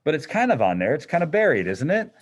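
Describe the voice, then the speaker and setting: A man's voice: fairly high pitch, wildly swooping pitch, fast talker, breathy edge. A middle-aged man teaching a physics class in a classroom, explaining in a casual, conversational way. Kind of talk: classroom lecture.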